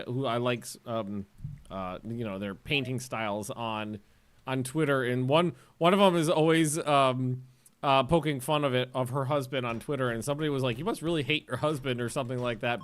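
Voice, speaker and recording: A man streaming a game and chatting casually, rambling, swearing and getting excitable. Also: mid-range voice, clear, resonant tone. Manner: rambling, profane and excitable, often laughing. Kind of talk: casual chat while livestreaming a game.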